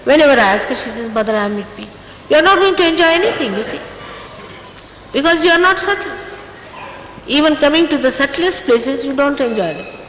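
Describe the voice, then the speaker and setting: A woman's voice: high-pitched, lively intonation, fairly quick, pauses often, fairly bright tone, slight background noise. A woman, a spiritual teacher, scolding her followers in an emphatic, direct way. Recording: echoey hall, old recording.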